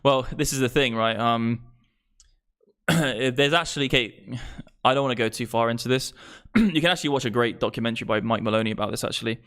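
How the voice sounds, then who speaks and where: A man's voice: medium pitch, a little fast, fairly bright tone, smooth. A man of about thirty, ranting exasperatedly and profanely on a live stream about money and prices. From England. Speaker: crypto streamer.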